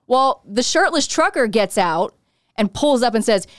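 A woman co-host tells a story with animated, exasperated energy, slipping into the voices of others. Her voice sits a little high and sounds smooth and resonant. The sound is close and dry. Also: unhurried, dry recording. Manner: lively and exasperated, acting out quotes. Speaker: radio co-host.

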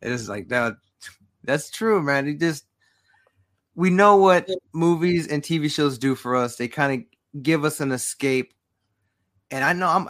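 A man hosting a podcast, talking in a playful, animated way with plenty of swearing. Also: mid-range voice. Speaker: podcast host. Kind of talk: casual chat.

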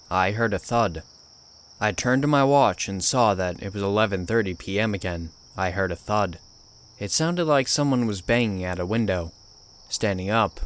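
A man narrating a horror story in a measured, grim storytelling manner. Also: on the low side, fairly bright tone. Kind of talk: scripted narration.

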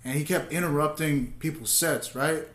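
A man's voice: fairly high pitch, steady tone, normal speed, a bit bright, roomy sound. A man hosting a casual chat, telling stand-up stories in a loose, joking way. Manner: laid-back storytelling, crude jokes. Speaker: podcast host and stand-up comedian.

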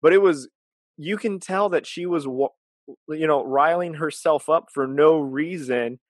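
A man in casual conversation who explains things earnestly and often pauses with fillers. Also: a little high, no echo. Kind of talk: casual chat.

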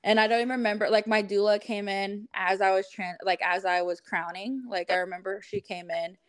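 A woman's voice: medium pitch, flat delivery, fairly quick, clear, resonant tone. A woman guest on a podcast, casually telling a story in a chatty way with lots of fillers. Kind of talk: casual chat.

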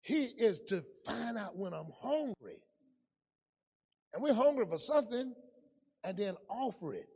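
A man preaching a sermon, talking in a loose, conversational way that swings between loud outbursts and hushed asides. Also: sits high, big-room sound. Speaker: pastor.

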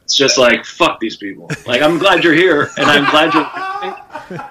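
A man's voice: a little high, moderate pace, crowd noise, rough recording. A man with a Southern US accent, a comedian telling stories in a casual podcast chat, rambling with lots of fillers and cursing. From South Carolina. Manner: rambling storytelling with frequent fillers and profanity. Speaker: comedian guest.

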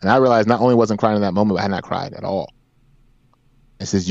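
A man's voice: fairly low pitch, quick pace, gravelly, no echo. A man in his forties, a podcast guest, telling a personal story in an earnest, emphatic way with repeated phrases. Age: 40s. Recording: dry, dull lo-fi sound.

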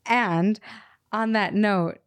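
A woman's voice: mid-range voice, very slow, clear, resonant tone, no room sound. A woman hosts a casual interview and keeps it moving with curious, prompting questions. She banters easily with her guest. Her voice is recorded close and dry, with no room sound. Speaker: podcast host.

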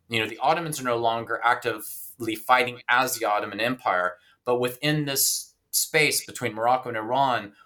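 A man's voice: mid-range voice, bright, forceful tone. A man, an author and historian, explaining his book in an interview, thoughtful and hesitant with many fillers and restarts. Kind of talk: academic interview talk.

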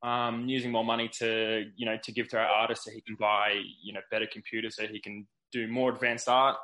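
Flat, bright-voiced hesitant man. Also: on the low side, brisk, rough recording. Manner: hesitant, many fillers. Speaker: project team member guest. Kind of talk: casual interview chat.

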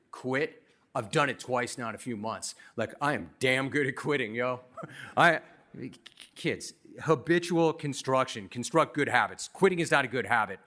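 A middle-aged man from Los Angeles giving a commencement speech, telling his story in a punchy, self-deprecating, animated way. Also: medium pitch. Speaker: commencement speaker. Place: university commencement ceremony.

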